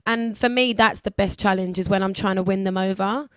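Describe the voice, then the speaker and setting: A young woman in her twenties, a singer chatting candidly as a guest in a radio interview, lively and acting out other people's lines. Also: mid-range voice, a little fast, clear, resonant tone, no room sound, studio quality. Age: 20s. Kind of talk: casual radio interview chat.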